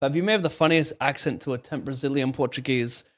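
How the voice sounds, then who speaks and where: A fast-talking young man with a medium-pitched voice streams poker and chats casually. His live commentary is full of swearing, jokes, and self-mockery.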